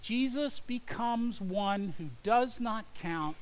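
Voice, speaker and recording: A man delivering a sermon in a high, light voice. He moves between quiet, weighty pauses and sudden forceful rises as he recites scripture and asks questions to the congregation. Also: expressive, low-quality recording. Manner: dramatic, quoting scripture with swings between hushed and loud. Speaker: pastor.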